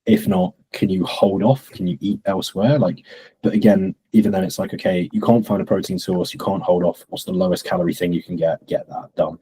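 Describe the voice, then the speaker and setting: A young man, a fitness coach, telling stories in a relaxed podcast chat and acting out what his clients say. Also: deep voice, a little fast, husky, rough recording. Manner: relaxed storytelling, acts out quoted clients.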